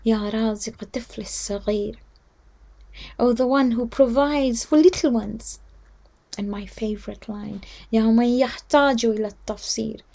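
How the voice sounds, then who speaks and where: Hushed, heartfelt woman storyteller. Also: on the high side, fairly quick, creaky. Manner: heartfelt, drops to a hushed whisper. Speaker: storyteller at a children's religious gathering. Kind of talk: devotional storytelling for children.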